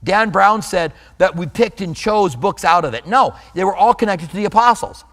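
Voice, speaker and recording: High-voiced preacher in a reverberant hall. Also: male voice, fairly bright tone. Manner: earnest preaching with emphatic slow stresses and scripture readings. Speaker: pastor. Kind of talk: sermon.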